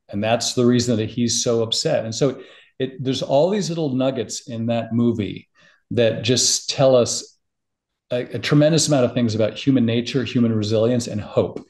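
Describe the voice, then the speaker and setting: Emotional middle-aged man telling a story. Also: mid-range voice. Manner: emotional, tearing up, animated storytelling. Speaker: podcast guest. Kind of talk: casual interview chat.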